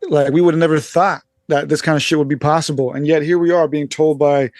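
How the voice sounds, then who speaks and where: A man's voice: on the high side, steady tone, fast talker, darkish tone, no room sound, studio quality. Laid-back man explaining on a podcast. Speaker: podcast guest. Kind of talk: casual podcast chat.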